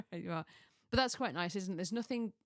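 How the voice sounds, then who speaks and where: A woman's voice: medium pitch, moderate pace, no echo, clean studio sound. Chatty rambling woman from Chester. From Chester, England. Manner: rambling, self-interrupting, chuckling asides. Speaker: lifestyle vlogger. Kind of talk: casual chatty monologue.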